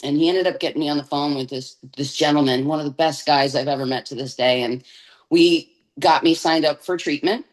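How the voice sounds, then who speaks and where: A woman with a notably low-pitched voice speaks as a guest on an interview podcast and gives her personal testimony. She tells it candidly and in vivid detail. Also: steady tone, fairly quick, rough recording.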